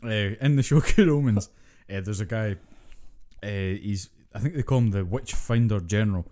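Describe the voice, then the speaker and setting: A man's voice: fairly low pitch, normal speed, mellow. A Scottish man co-hosting a podcast, chatting casually and swearing bluntly. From Scotland. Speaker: podcast co-host. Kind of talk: casual chat.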